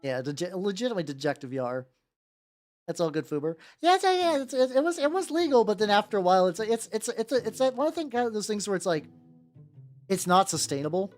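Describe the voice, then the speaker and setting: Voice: mid-range voice, big pitch swings, quick pace. A streamer chatting casually with viewers while painting miniatures, rambling and swearing freely. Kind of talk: casual livestream chat. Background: faint background music.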